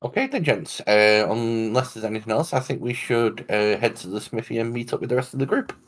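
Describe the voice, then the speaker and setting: A man speaking as a player in a tabletop game, in a relaxed, easygoing way. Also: medium pitch, fairly quick. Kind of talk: casual tabletop game talk.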